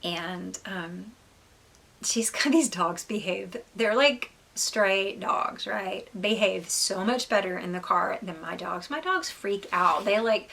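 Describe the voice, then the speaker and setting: A woman talking casually to her viewers in a husky, slightly gravelly voice with a bright, forward edge. She sounds congested and stuffed up, rambling chattily with plenty of filler words. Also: mid-range voice. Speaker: knitting podcast host. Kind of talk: casual chat to camera.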